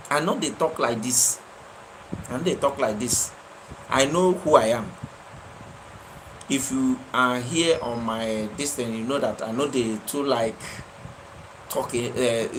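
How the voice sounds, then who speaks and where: A man's voice: medium pitch, fairly bright tone, slight background noise, rough recording. Impassioned Nigerian man scolding his viewers. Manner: impassioned, scolding, repeats his phrases for emphasis. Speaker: livestream host. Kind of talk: live-stream commentary answering viewers.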